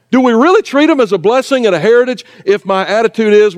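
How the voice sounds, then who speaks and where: High-voiced preacher man. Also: sing-song, quick pace, few pauses. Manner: conversational preaching with asides and humor. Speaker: pastor. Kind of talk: sermon. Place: church sanctuary.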